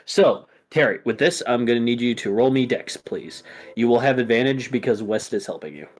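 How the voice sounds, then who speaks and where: A man's voice: medium pitch, lively intonation. Casual male game master. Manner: casual, halting, with fillers and restarts. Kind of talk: narrating a tabletop game.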